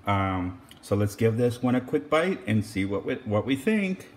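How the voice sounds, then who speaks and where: A man's voice: fairly low pitch, big pitch swings, moderate pace. Chatty man in an echoey kitchen. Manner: chatty, upbeat, frequent um and laughs. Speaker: cooking channel host. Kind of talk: casual cooking vlog.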